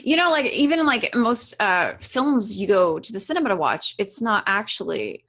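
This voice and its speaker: A woman's voice: mid-range voice, animated, moderate pace, a bit bright. A woman co-hosting a gaming podcast, speaking hesitantly and trailing off. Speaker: podcast co-host. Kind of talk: casual chat.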